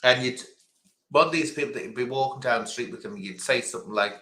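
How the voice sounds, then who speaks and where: A man's voice: medium pitch, quick pace, sharp tone, roomy sound. A man hosting a casual quiz stream, chatting and rambling between questions. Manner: chatty, rambling, chuckling asides. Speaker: quiz host.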